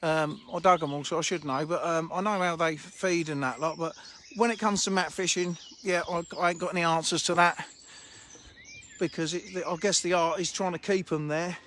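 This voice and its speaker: Chatty high-voiced fishery owner. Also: male voice, steady tone, moderate pace, fairly bright tone. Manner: chatty, laughing, answering viewer comments. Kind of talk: casual live stream walkaround. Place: outdoors by a fishing lake. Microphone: handheld phone. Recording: faint outdoor noise and birdsong. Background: birdsong.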